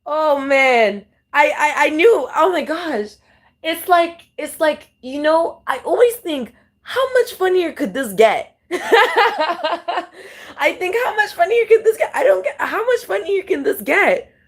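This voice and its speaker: A woman giving a casual tarot reading to her viewers, in a giggly, exclamatory way. Her voice sits a little high, and she talks slowly. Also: very animated. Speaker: tarot reader. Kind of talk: casual chat to camera.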